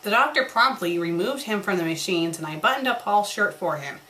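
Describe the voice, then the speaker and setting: A woman's voice: mid-range voice, lively intonation, a little fast, pushed and bright. A woman who critiques fanfiction, reading a story aloud and breaking off with sarcastic, exasperated asides.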